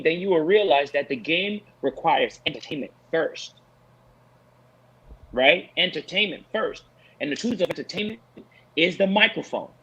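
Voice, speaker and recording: A man talking in an animated post-fight show discussion, preachy and emphatic, repeating his points for effect. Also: a little high, husky, low-quality recording. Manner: preachy, emphatic, repeats lines for effect, mocks with put-on voices.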